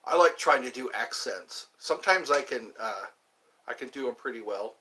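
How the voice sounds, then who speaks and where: A man hosting a casual livestream, rambling and answering viewer comments with halting fillers. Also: medium pitch, animated, bright, forceful tone, a little hiss or hum. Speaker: livestream host. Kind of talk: casual live chat with viewers.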